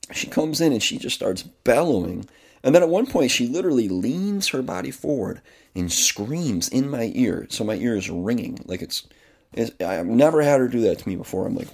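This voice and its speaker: A kindergarten teacher speaks in a medium-pitched, creaky voice with a darkish tone. His monologue is rambling, personal and confessional, full of restarted sentences and casual swearing.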